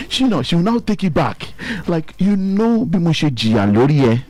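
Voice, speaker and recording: Brief: Nigerian man, radio co-host, lively storyteller, fairly high voice with wide swings, dry close sound. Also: moderate pace, no room sound. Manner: animated, laughs often, acts out voices in the story.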